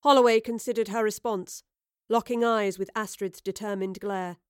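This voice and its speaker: A woman narrating an audiobook in a measured, clear storytelling voice. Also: medium pitch, steady tone, dry recording, studio quality. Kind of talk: scripted narration.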